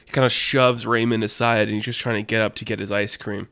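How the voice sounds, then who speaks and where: A man's voice: fairly low pitch, level tone, fast, vocal fry, bright, forceful tone, clear, resonant tone, no room sound. A man telling an improvised story casually, rambling with many fillers.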